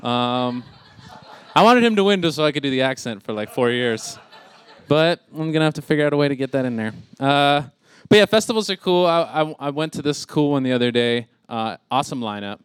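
A man's voice: fairly high pitch, animated, fast, clean tone, no echo. A man in his thirties doing a rambling stand-up set, laughing at his own jokes. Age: 30s. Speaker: stand-up comic.

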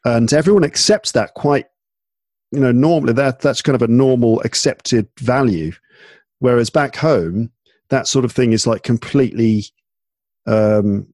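A tired man with an English accent talks in a loose, halting way, stopping and restarting his sentences. His voice sits at an everyday middle pitch, and the recording is very dry and close. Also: a little mellow, no room sound. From England. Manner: halting, many restarts and fillers. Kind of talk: casual chat. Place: home in Paris at night.

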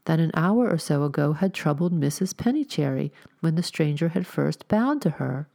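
A woman narrating a story as an audiobook reader, with a measured, steady reading. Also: sits low, vocal fry.

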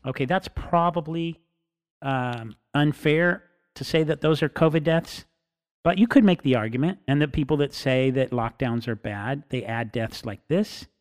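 Guy ranting casually, lots of restarts, acts out what people say. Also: mid-range voice. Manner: animated, acts out quotes; rambling with restarts. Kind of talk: casual monologue.

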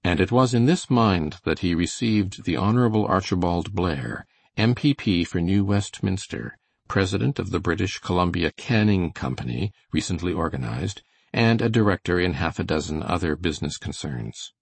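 A man narrates a novel in a measured, steady way. His deep voice is gravelly and husky, and the sound is dry and close to the mic with no room echo. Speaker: audiobook reader. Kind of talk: scripted narration.

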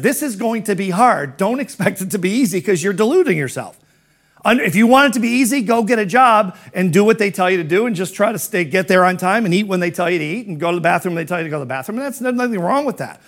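A middle-aged man giving a motivational business talk as a coach, firing rhetorical questions in an emphatic, conversational way. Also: high-pitched.

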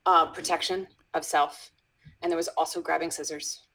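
A woman educator, a guest in a conversational interview, telling a story with frequent restarts and dropping into soft whispers when she quotes someone. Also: deep voice, flat delivery, normal speed, low-quality recording.

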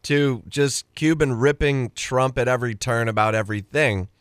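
A man co-hosting a sports radio show in casual chat, teasing his partner with quick wisecracks. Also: mid-range voice, fairly even intonation, clear, resonant tone, no echo, studio quality.

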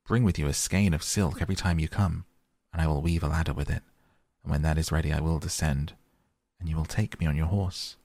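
An innocent young maiden from a storybook, earnest and plain-spoken, as a man reads her. The voice stays very low and gravelly, close and dry. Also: steady tone, fairly quick, a little mellow, no echo.

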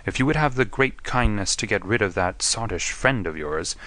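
A man voicing a sharp, commanding male detective, speaking in a quiet, precise and assured way. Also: fairly low pitch, expressive, moderate pace. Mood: hushed. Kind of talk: audiobook character reading.

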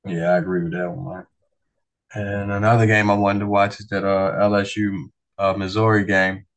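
A man co-hosting a sports podcast in casual chat, measured and agreeable. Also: lowish voice, flat delivery.

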